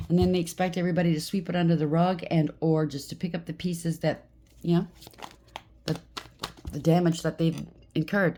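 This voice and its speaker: Low-voiced blunt tarot reader woman. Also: steady tone, moderate pace, dark tone, a little hiss or hum. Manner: blunt, heated, talks to the listener with frequent "okay?". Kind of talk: casual tarot reading.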